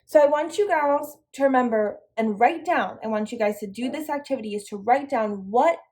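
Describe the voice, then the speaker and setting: A woman's voice: a little high, normal speed, darkish tone. A young woman leading an online devotional lesson for a girls' youth group, upbeat and encouraging as she speaks straight to the girls.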